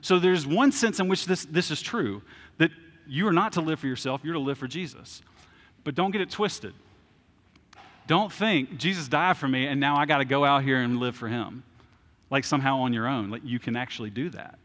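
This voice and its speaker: A man's voice: mid-range voice, moderate pace, fairly bright tone, big-room sound. A man in his thirties preaching a sermon as pastor, conversational, with asides and restarts.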